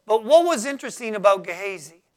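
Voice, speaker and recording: In a sermon, a preacher teaches from the Bible, reading verses aloud, explaining them, and calling on the congregation to respond. The voice is medium-pitched with big swings in pitch, and the delivery is halting, full of fillers and restarts.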